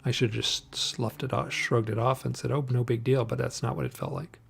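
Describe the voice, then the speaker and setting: A gravelly man of middle pitch chats as a guest on a video call. He rambles, restarts his sentences and hunts for the right word as he goes. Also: huge pitch swings, fairly quick, fairly bright tone, slight background noise. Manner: rambling, searching for words, many restarts. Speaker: guest author. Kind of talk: casual interview chat.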